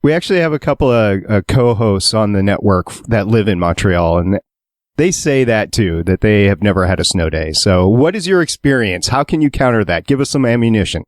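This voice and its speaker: A man's voice: lowish voice, animated, fairly quick, no room sound, clean studio sound. A man from Minnesota hosting a casual podcast, chatting and asking questions. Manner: conversational, asks questions. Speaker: podcast host.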